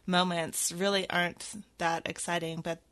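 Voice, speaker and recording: A woman's voice: on the low side, little pitch movement, normal speed, fairly bright tone. A woman hosting a casual interview who laughs easily and muses on life. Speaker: interviewer host. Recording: echoey room.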